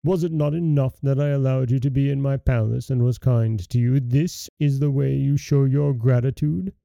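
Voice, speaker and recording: A man voicing a furious monstrous beast in a storybook reading, slow and menacing. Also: medium pitch, steady tone, vocal fry, warm tone, dry recording, close to an everyday voice.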